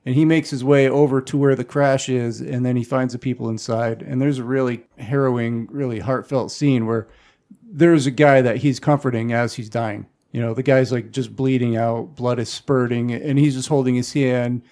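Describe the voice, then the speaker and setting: A man's voice: mid-range voice, steady tone, normal speed, darkish tone. A man chatting casually on a podcast, retelling a film in a loose, rambling way with lots of fillers. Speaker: podcast host. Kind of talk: casual chat.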